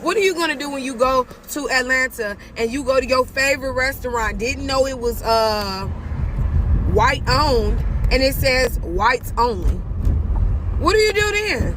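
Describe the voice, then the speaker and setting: A woman's voice: sits high, moderate pace, background noise. A woman hosting, reacting to clips in earnest casual commentary, thinking aloud.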